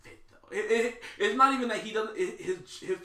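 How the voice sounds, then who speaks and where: A man's voice: high-pitched, a little fast, bright, forceful tone, roomy sound, far from the mic. A man co-hosting a casual podcast chat, rambling with many restarts and casual swearing. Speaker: podcast co-host.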